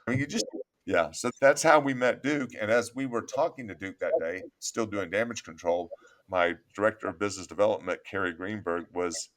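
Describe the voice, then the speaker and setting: A man hosting an interview, telling an anecdote in a lively, casual way. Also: on the low side, brisk. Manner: animated anecdote-telling with laughs. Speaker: podcast host, agency owner. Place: office studio.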